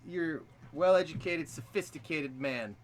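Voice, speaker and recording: A man's voice: a little high, measured pace, a little hiss or hum. Laid-back man streaming. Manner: laid-back, laughing, with filler-heavy trailing speech. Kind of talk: casual stream chat.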